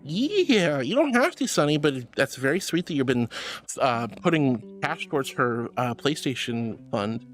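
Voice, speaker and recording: A man streaming as a VTuber from home on a headset mic, reading chat aloud and answering with affectionate, playful warmth. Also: medium pitch, very animated, a little slow, soft background music. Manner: affectionate and playful, calls viewers sweetheart.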